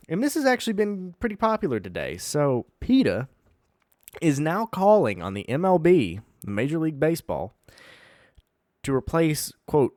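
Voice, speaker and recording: A man hosts a casual commentary podcast, reading out items with wry disbelief. His pitch swings a lot as he talks, and the recording is dry and close. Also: dry recording. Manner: wry, laughs while reading, incredulous. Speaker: podcast host.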